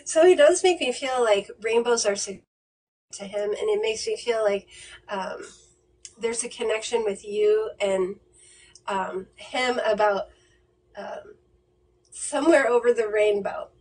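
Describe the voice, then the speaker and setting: A woman medium gives a reading on a video call, her voice pitched a little high and coming from a bit away from the mic. She talks gently and reassuringly, but hesitantly, with frequent ums and self-corrections. A faint hiss of noise sits under the livestream audio. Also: a little slow, long pauses, distant mic, rough recording. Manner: hesitant, many fillers and restarts.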